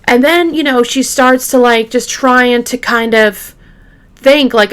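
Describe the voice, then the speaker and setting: A woman's voice: on the high side, steady tone, a little slow, a bit bright. A young woman hosting a true crime show, telling a case in a chatty, emotional way and talking straight to her listeners. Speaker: true crime podcast host. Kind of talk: casual true crime storytelling.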